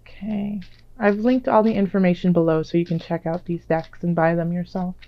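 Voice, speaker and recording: A woman doing a tarot reading in a casual, gentle, reassuring way, with many fillers. Her voice is a little raspy while it recovers. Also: on the low side, fairly even intonation, moderate pace, lo-fi sound. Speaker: tarot reader. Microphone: own microphone.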